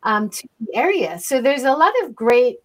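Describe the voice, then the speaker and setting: A woman's voice: fairly high pitch, animated, moderate pace. A woman hosting a casual livestream chat, engaged, ending her points with "right?". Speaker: livestream host.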